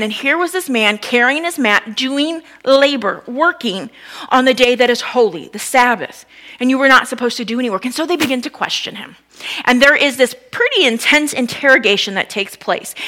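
A woman's voice: high voice, bright, forceful tone. A woman preaching a sermon in a conversational way, asking the listeners questions and acting out the people in the story. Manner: conversational, acts out quoted voices, asks the listeners questions. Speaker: pastor.

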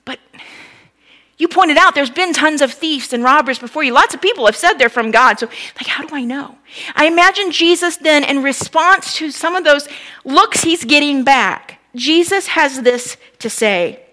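Bright high-voiced woman preaching. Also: expressive, normal speed. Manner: conversational, acts out quoted voices, asks the listeners questions. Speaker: pastor. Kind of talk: sermon.

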